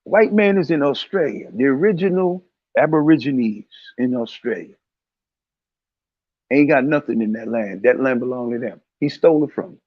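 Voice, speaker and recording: A man's voice: medium pitch, lively intonation, moderate pace, dry recording, muffled recording. A man hosting a casual religious commentary talk, speaking in a heated, preachy way and repeating his points.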